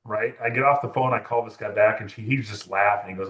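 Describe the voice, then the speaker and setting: Low-voiced man telling a story, echoey room. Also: fairly even intonation, a little fast, a bit bright. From California. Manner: rambling, many restarts and fillers. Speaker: music photographer. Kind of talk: storytelling interview chat.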